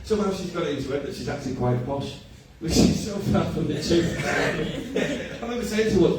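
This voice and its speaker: Guy doing stand-up, lively up-and-down delivery, laughs at his own jokes, echoey room. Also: on the high side, a little fast, few pauses, over a noisy crowd. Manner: self-deprecating, laughs at his own lines. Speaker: comedian. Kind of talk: stand-up comedy set. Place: comedy night at a cafe venue. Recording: echoey room, far mic, noisy.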